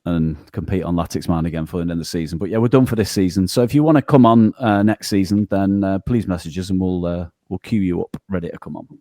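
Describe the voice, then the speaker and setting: A man co-hosting a podcast, talking in a quick, easygoing way. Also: deep voice, warm tone, no echo, clean studio sound. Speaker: podcast co-host. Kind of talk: casual chat.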